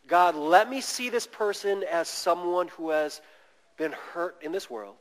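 Animated preacher in a reverberant hall. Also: male voice, sits high, moderate pace. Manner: animated, acts out quoted voices, laughs. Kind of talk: sermon. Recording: long reverb of a large hall.

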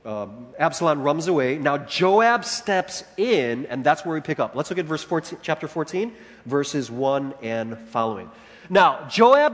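A man preaching, working through scripture verse by verse and explaining it with emphasis. His voice sits fairly high. It rings with a long reverb, as in a large hall. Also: a bit bright. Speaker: pastor. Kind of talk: expository sermon.

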